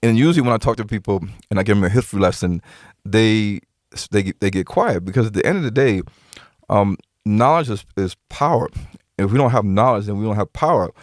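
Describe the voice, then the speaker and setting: A man's voice: on the low side, expressive, brisk, no room sound, clean studio sound. A man, a podcast guest, telling stories emphatically, often repeating himself as he retells conversations. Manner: emphatic, retells conversations with many quoted lines. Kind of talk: conversational storytelling.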